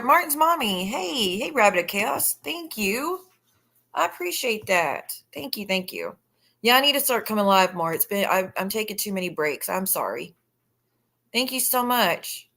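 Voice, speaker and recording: Blunt and profane, this female livestreamer chats with her audience and thanks people as she scrolls the messages on a casual stream. Her voice is a little high, animated, pushed and bright, at a moderate pace.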